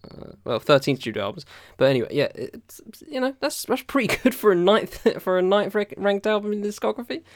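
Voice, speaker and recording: A man's voice: high voice, lively intonation, fairly quick, few pauses, no echo, clean studio sound. A man co-hosting a podcast in a loose, rambling chat, full of fillers and swearing. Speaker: podcast co-host. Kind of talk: casual chat.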